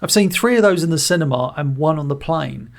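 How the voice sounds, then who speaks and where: Jokey male co-host, gravelly, a bit high. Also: animated, fairly quick. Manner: blunt, jokey. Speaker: podcast co-host. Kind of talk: casual chat.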